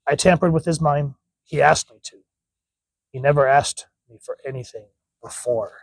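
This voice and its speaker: A man's voice: on the high side, normal speed, vocal fry, dry recording. A man reading the lines of a grave, guilt-ridden older male psychic mentor, in a solemn, confessional way, close to his own voice.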